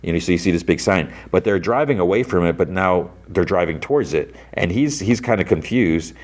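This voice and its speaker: A man's voice: low voice, animated, fairly quick. A man hosting a podcast, retelling an episode in a rambling, casual way, full of "like" and "you know". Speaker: podcast host.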